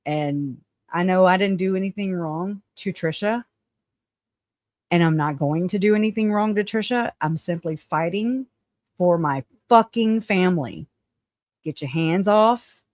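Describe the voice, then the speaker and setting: A live-stream host talks casually and profanely, laughing and thinking out loud while digging through notes. The voice sits at a middle pitch and sounds dry and close to the mic, with no room echo. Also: measured pace.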